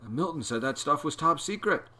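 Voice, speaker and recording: A man's voice: on the high side, animated, moderate pace, sharp tone, pitched above the performer's own voice, heavily acted. A man voicing a nervous young schoolboy who talks in a timid, pleading way.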